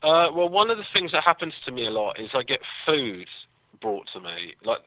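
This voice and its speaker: A man's voice: medium pitch, big pitch swings, moderate pace, no room sound. An English man, a comedian guest, telling rambling self-deprecating stories with lots of fillers in a casual interview. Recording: tinny phone-like line, dry.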